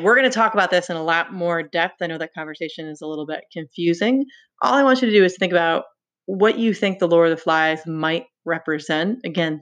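A woman teacher talks her class through a novel in a patient, explanatory way. She asks guiding questions, and her voice sits a little on the low side. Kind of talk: lesson with a novel read aloud.

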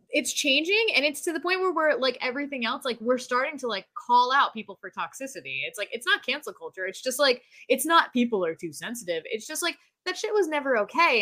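A woman in casual podcast chat, talking in an animated rant and saying "like" constantly. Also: a little high. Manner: animated ranting, heavy use of "like".

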